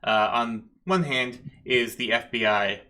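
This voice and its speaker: A man runs a tabletop game as game master, narrating in a loose, filler-heavy way. His voice is bright and clear, at a middle pitch. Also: slow.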